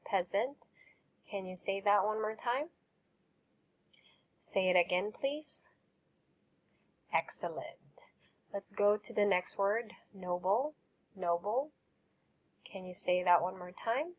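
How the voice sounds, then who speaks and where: Slow, careful woman teacher. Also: medium pitch, steady tone. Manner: slow, careful enunciation with repeat-after-me drills; gentle praise and simple explanations. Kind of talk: online vocabulary lesson.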